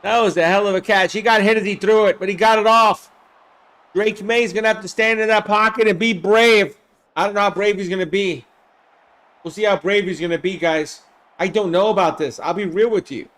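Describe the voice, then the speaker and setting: Excitable high-voiced man calling plays. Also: fairly quick. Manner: excitable, shouts on big plays, chats to viewers by name. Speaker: host of a game simulation stream. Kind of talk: live play-by-play commentary with chat replies.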